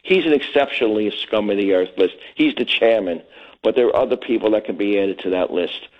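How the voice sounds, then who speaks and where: A man's voice: fairly low pitch, brisk. A retired older man from Brooklyn calling in to a radio show, earnest and rambling, often stumbling over his words. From Brooklyn, New York. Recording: muffled phone-in line.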